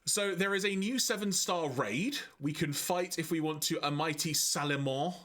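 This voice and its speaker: A man's voice: fairly high pitch, normal speed, a bit bright. A man hosting a game stream, chatting easily, laughing readily and muttering to himself as he plays. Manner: easygoing, laughs readily, mutters while playing. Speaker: streamer host. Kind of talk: casual gaming stream chat.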